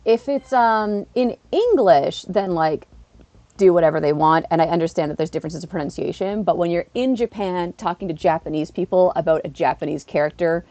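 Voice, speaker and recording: A young woman streamer chatting casually to her live-stream viewers, acting out quoted people in an animated way and laughing often. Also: brisk, no room sound, lo-fi sound. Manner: animated, acts out quotes with big pitch jumps. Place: living in Japan.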